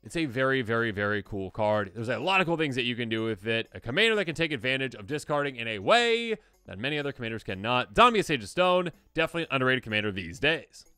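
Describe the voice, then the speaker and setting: A man hosting a casual card game review, animated and jokey, now and then acting out silly voices. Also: mid-range voice, fast, few pauses, clear, resonant tone, no echo. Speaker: host.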